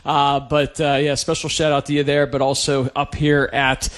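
A man's voice: on the high side, little pitch movement, normal speed, fairly bright tone. A man co-hosting sports radio, chatting in a jokey, laughing way with a guest. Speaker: radio co-host interviewer. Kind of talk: casual interview chat.

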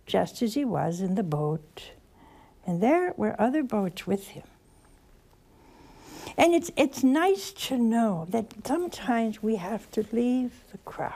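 A woman's voice: fairly high pitch, big pitch swings, slow, vocal fry, warm tone. A woman giving a scripture teaching in a reflective manner, with wry little asides to her listeners. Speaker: religious teacher.

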